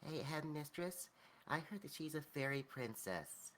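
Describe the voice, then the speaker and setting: A man voicing an eager little gnome child who talks slowly and high. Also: animated, a bit bright, slight background noise, rough recording. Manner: slow, high, sing-song. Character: small child gnome girl, eager and tattling.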